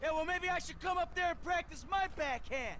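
A man's voice: extremely high pitch, brisk, pushed and bright, a little hiss or hum. An actor playing a furious, profane middle-aged man out for revenge on his wife's tennis coach, in a video game.

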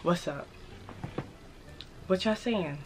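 A young woman with a New York accent and a slightly raspy voice, hosting a casual haul video and hyping her purchases to viewers in a playful way. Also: on the low side, slow, heavy background noise. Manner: playful, hyped, repeats phrases, talks straight to viewers. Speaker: fashion vlogger.

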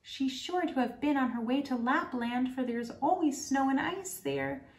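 A woman's voice: high-pitched, unhurried, vocal fry, pitched above the performer's own voice. A woman voicing a cooing wood pigeon in a storybook reading. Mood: urgent. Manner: cooing, lilting. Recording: roomy, distant, faint music.

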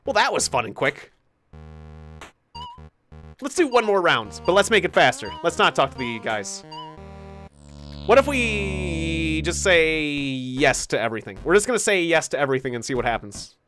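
A woman's voice: low voice, sing-song, brisk, pauses often, fairly bright tone, faint music behind. A woman hosting a let's play, giving casual, giggly commentary and reading game text aloud.

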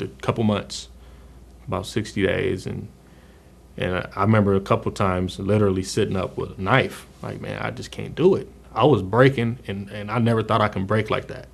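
A middle-aged man with a low, gravelly voice tells his own story in a halting way. He keeps restarting and filling pauses, and he often drops quiet. It sounds like a sincere personal testimony. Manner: halting, many fillers and restarts, speaks quietly about painful memories. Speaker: former gang member telling his story.

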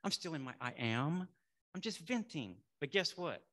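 A middle-aged male minister preaching a sermon in a conversational way, saying y'all and building to loud affirmations. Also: a little high, very animated, normal speed.

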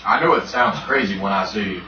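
A man's voice: fairly low pitch, brisk, bright, forceful tone, soft background music. A man playing a tabletop game, speaking in character as an earnest lawman who gives formal speeches. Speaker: player. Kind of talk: in-character role-play as a lawman. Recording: distant, roomy, dull and noisy.

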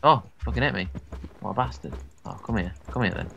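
A low, gravelly male voice that swings widely in pitch, cursing and grumbling in mock exasperation through a co-op Minecraft game. His mic carries a clear layer of background noise. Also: expressive, brisk, fairly bright tone, lo-fi sound. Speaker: gamer co-host. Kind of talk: casual Minecraft let's-play chat.

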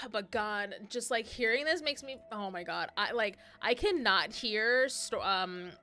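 A woman's voice: mid-range voice, lively intonation, unhurried, sharp tone, soft background music. Gushing young woman streamer. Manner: chatty and gushing, swears, laughs often. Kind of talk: casual game-stream chat.

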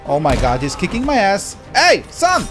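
A man giving let's play commentary, excitable and profane, yelling at the game. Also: high-pitched, normal speed. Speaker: gamer. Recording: with game music behind. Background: game music.

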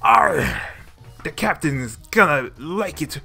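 A man voicing an angry male pirate crewman who yells and scolds with growling pirate cries. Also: on the high side, big pitch swings, takes it slowly, creaky, husky, faint music behind, pitched above the performer's own voice, exaggerated voice. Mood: angry scolding.

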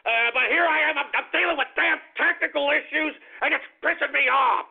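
A male radio host rants on air, swearing and repeating himself over and over. His voice sits high and comes out raspy and gravelly. The broadcast sounds thin and tinny, like a phone line. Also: fairly quick. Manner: cursing, exasperated, repeats himself. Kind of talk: angry on-air rant.

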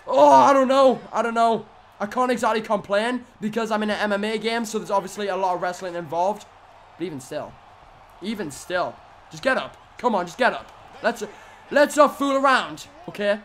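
Brief: young male let's-player, very high voice, excitable, mutters then yells at the game. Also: moderate pace, slight background noise. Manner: excitable, yelling at the game, swings from muttering to screaming. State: voice going hoarse from shouting. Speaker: gaming commentator. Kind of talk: live let's-play commentary.

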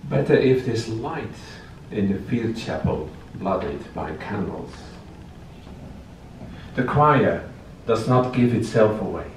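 A man reading his poetry aloud in a slow, measured recitation at a library event. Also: lowish voice, animated, a little hiss or hum. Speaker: poet. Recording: echoey room, distant mic.

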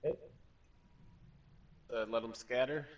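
A man's voice: medium pitch, fairly even intonation, drawn-out words, far from the mic, dull audio. A man in casual gaming voice chat, giving short tactical callouts to his squad. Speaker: squad player.

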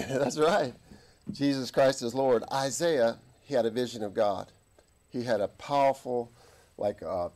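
A middle-aged man preaching a sermon as an army chaplain, telling stories and acting out voices in the quotes. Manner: animated, acts out quotes with big pitch jumps. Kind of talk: sermon with storytelling. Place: church.

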